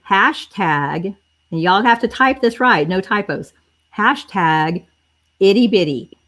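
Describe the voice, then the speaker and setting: A woman hosting a live online stream, chatting casually and speaking directly to her viewers as she runs a giveaway. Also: mid-range voice. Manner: chatty, addresses viewers directly, spells things out. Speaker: livestream host running a giveaway.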